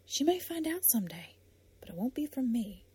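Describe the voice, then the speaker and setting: A woman's voice: normal speed, slightly rough, full character voice. Woman doing a blunt, teasing young woman. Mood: lively. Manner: lively and teasing, rising pitch. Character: blunt tough young woman, wry and spirited.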